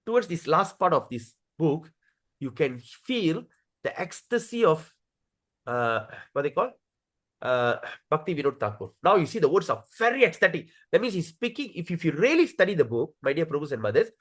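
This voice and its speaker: A man leading a devotional scripture class over a video call, slowly chanting words to show their pronunciation and often checking with his listeners. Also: fairly high pitch. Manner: addresses listeners directly, checks with "okay?". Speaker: teacher leading a scripture study.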